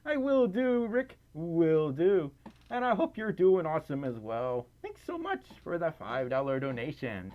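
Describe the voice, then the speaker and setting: Young male streamer, highish lively voice, giggly and breathless, rambling casual chat, muffled lo-fi stream audio. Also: unhurried. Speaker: livestreamer reading donations. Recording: slightly dull lo-fi stream audio.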